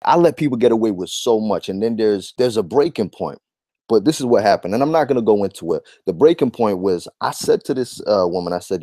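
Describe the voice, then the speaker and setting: A man's voice: on the low side, lively intonation, brisk, mellow, no room sound, studio quality. A man giving a heated vlog rant, emphatic and repetitive, with blunt profanity. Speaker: YouTube commentator.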